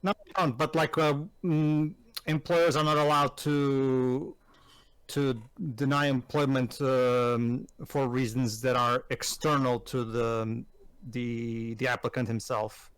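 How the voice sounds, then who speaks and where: A man's voice: mid-range voice, little pitch movement, slow pace, clean tone, no room sound, poor audio. A man co-hosting a casual movie commentary, hesitant and full of fillers and restarts.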